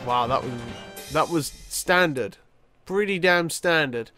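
A young man giving rambling, tired let's-play commentary, with many fillers and sudden excited outbursts. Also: mid-range voice, slow pace, soft background music. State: tired, yawning. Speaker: gaming YouTuber.

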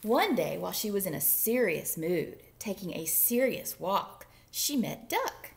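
A woman reading a picture book aloud for kids, with a lively, swooping voice and a gravelly edge. She reads at an easy, unhurried pace, dropping into playful whispers for her asides. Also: mid-range voice. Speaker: children's librarian. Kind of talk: story time read-aloud.

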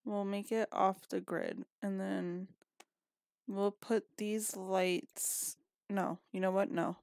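A woman's voice: mid-range voice, level tone, slow pace, creaky, darkish tone, no echo, studio quality. A woman giving casual gameplay commentary, chatty and scolding her characters, a little sniffly and yawning. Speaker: gaming video creator.

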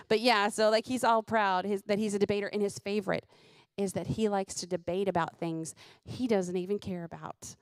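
A middle-aged woman comedian tells family stories in an animated, self-mocking way, often breaking into laughter. Her voice sits at an average pitch and is recorded close and dry. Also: moderate pace, no room sound. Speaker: comedian host. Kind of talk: stand-up storytelling.

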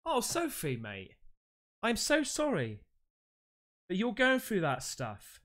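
A man hosting a casual unboxing vlog, chatty and excitable, calling his viewers mate. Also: sits high, slow. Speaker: YouTube host.

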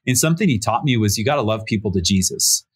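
A man's voice: lowish voice, expressive, quick pace, breathy edge. Chatty man telling a story. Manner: conversational, many fillers, acts out quoted people with a raised voice. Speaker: pastor, podcast guest. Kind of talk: casual personal storytelling in an interview. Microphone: remote call setup.

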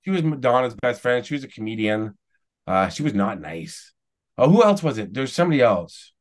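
A man's voice: medium pitch, sing-song, fairly quick. A man in his forties from Canada, a podcast guest rambling through stories in casual chat. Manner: rambling storyteller, restarts, chuckling asides. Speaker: podcast guest, celebrity YouTuber.

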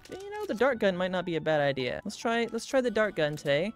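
A man giving let's-play commentary, excitable, gasping and talking to himself as he plays. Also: high-pitched, fast talker, faint music behind. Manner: excitable, gasps and talks to himself. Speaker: gaming YouTuber.

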